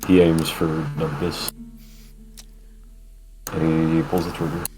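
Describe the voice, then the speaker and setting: A man playing in a tabletop game, calmly narrating his character's actions. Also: very deep voice, takes it slowly, music in the background. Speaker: player. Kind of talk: casual tabletop game play.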